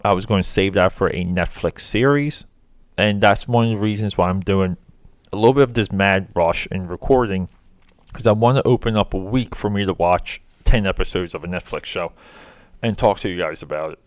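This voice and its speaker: Low-voiced man rambling emphatically. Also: brisk, no room sound. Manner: rambling, emphatic, with many fillers and restarts. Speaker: podcast host. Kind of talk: casual solo monologue.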